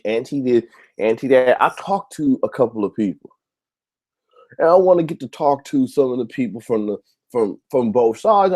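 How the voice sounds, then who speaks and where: A man's voice: mid-range voice, dark tone. Heated, profane man ranting on his show. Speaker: YouTube show host. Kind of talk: ranting monologue to camera.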